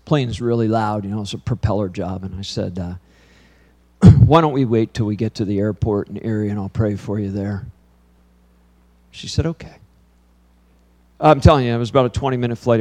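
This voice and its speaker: A man in his fifties, a pastor preaching to a congregation, telling a lively story, then turning quiet and earnest. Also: lowish voice, normal speed, pauses often. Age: 50s. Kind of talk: sermon with storytelling. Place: church before a congregation.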